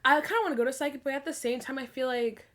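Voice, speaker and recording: A woman hosting a relaxed podcast chat with a friend, her voice sitting a little high. She giggles often and drops in quick asides. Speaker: podcast host. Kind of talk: casual chat.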